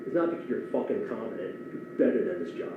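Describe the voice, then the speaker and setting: A man's voice: on the low side, big pitch swings, quick pace, background noise, pitched below the performer's own voice. A man doing a cursing tough-guy boss. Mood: menacing. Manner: cursing, shouting. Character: foul-mouthed tough boss from Long Island, bat-swinging. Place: small theater stage. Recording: echoey, distant, dull live theater sound.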